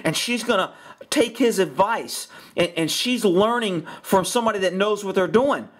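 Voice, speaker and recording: A man's voice: high-pitched, moderate pace. A middle-aged man, a horse trainer, giving blunt, sarcastic commentary on a training video. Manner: blunt, sarcastic, repeats himself.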